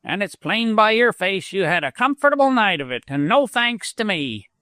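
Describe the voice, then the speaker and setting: A man voicing a gruff, blunt male packer who grumbles. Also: high-pitched, big pitch swings, moderate pace, bright, forceful tone, dry recording, studio quality, pitched above the performer's own voice, exaggerated voice. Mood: grumbling.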